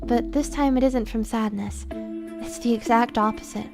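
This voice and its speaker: A woman's voice: on the high side, steady tone, moderate pace, vocal fry, over music. A young woman streamer reading a visual novel aloud, narrating expressively with dry asides.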